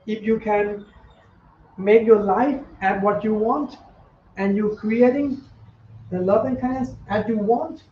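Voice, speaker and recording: A man who is a Buddhist monk giving a meditation talk to students, in halting non-native English, repeating key words. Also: high-pitched, a little hiss or hum. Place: meditation center. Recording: echoey, dull, from far off.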